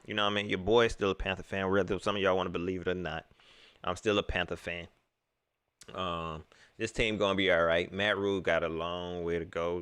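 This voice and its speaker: A man's voice: sits low, clear, resonant tone, dry recording. A man hosting a live reaction stream, mocking and laughing as he comments on a clip. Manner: animated, laughing, mocking banter. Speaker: livestream host.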